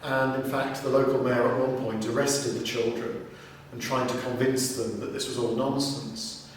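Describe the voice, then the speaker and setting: A man's voice: mid-range voice, fairly even intonation, moderate pace, distant mic. Deacon man telling a story in a very echoey room. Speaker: deacon, interviewee. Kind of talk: conversational interview. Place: large reverberant room in a seminary. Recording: very echoey room, voice off-mic, faint noise.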